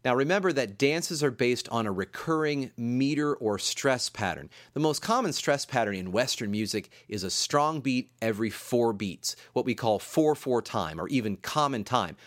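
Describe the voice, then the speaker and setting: A man, a composer and music teacher, explains dance rhythms in a measured lecture, counting beats aloud as he goes. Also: mid-range voice, lively intonation, dry recording, studio quality. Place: school campus room.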